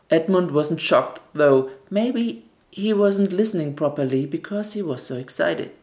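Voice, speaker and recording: A woman narrating a fairy tale in a gentle storybook reading, with scripted narration. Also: low-pitched. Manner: gentle storybook reading with quoted family dialogue.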